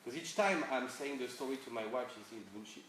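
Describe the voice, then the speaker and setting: Heard from a distance in an echoey event hall with an audience, a French guest speaker talks fast in a mid-range, slightly bright voice. His chatty workshop talk, delivered in a French accent, is full of fillers, restarts, and laughs.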